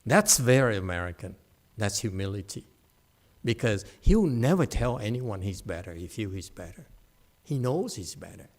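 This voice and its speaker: A man's voice: fairly low pitch, very animated, normal speed. A man teaching a meditation class in a humorous dharma talk, teasing his listeners and asking them to agree. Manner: teasing, joking, asks the audience for agreement.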